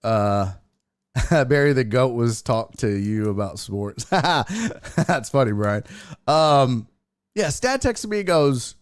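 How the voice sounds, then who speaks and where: A man's voice: mid-range voice, lively intonation, slow pace, no echo, clean studio sound. A man hosting a casual sports and entertainment livestream, telling jokey stories and reading viewer chat aloud. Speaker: sports and entertainment show host.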